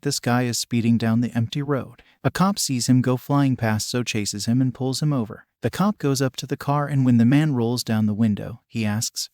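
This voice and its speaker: A man's voice: mid-range voice, a little mellow, no room sound, clean studio sound. Matter-of-fact man narrating jokes. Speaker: joke narrator. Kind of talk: scripted joke narration.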